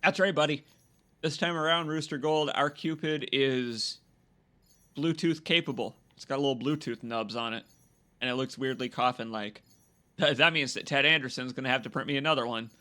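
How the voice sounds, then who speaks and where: A young male streamer gives live gameplay commentary with a bright, forward voice. He jokes and reacts excitably, switching between talking to viewers and talking back at the game. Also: medium pitch, moderate pace. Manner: jokey, excitable, talks to chat and to the game. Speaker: gaming streamer.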